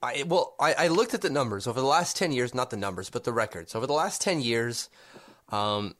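A man's voice: medium pitch, expressive, a little fast, a bit bright. Man, podcast co-host, casual sports chat, argumentative, rhetorical questions.

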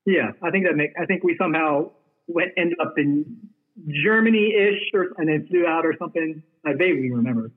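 A man's voice: a little high, moderate pace. A man who is a guest on a podcast, recalling a trip in a loose, hesitant way with plenty of fillers. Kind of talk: casual conversation. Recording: tinny phone-line audio.

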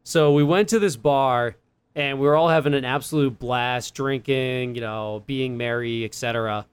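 Smooth-voiced young man telling stories. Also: medium pitch, moderate pace, dry recording. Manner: rambling, many fillers and laughs. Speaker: podcast co-host. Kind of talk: casual storytelling chat.

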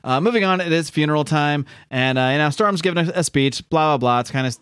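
A man's voice: a little high, quick pace, fairly bright tone, clear, resonant tone, dry recording, clean studio sound. A man hosting a casual podcast and recapping a comic, rambling with lots of fillers and exasperated asides. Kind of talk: casual chat.

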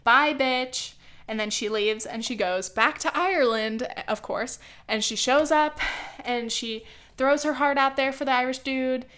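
Brief: young woman vlogger, slightly high voice, casual sarcastic movie chat on camera. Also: normal speed, fairly bright tone. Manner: chatty, sarcastic, lots of filler words. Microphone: camera mic.

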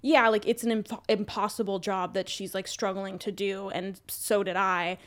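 A woman co-hosting a podcast in casual chat, talking in a rambling, profane, animated way. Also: medium pitch, normal speed. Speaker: podcast co-host.

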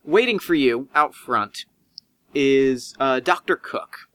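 A man's voice: mid-range voice, lively intonation, slow, a bit bright. A man narrating as game master in a tabletop role-playing game, casual and rambling with fillers.

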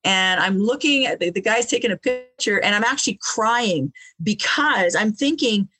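A woman guest telling her life story in an interview, animated, often repeating words and laughing between phrases. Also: medium pitch, moderate pace, breathy edge. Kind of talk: personal storytelling in conversation.

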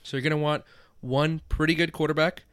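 A man co-hosting a podcast, giving quick, chatty advice full of fillers. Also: a little high, steady tone, fairly bright tone, clean tone, no echo. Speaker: podcast co-host. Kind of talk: casual fantasy football chat.

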